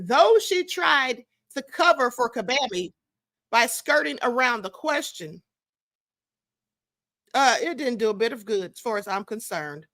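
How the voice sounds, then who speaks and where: A woman's voice: fairly high pitch, a bit bright, no echo, clean studio sound. A woman hosting a live stream, giving sassy, scolding commentary straight to her viewers. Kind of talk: casual commentary.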